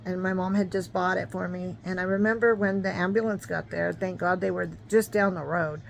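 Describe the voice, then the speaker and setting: A woman's voice: fairly low pitch, fairly even intonation, a little fast, gravelly, slight background noise, poor audio. Rambling woman in her fifties telling her story. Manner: rambling, conversational, many fillers. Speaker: vlogger. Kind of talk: personal storytelling.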